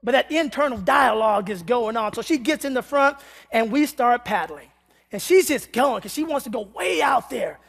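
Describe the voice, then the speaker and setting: A man preaching a humorous sermon, telling a comic story with animated delivery and sudden shouts. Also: very high-pitched, moderate pace, creaky. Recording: long reverb of a large hall.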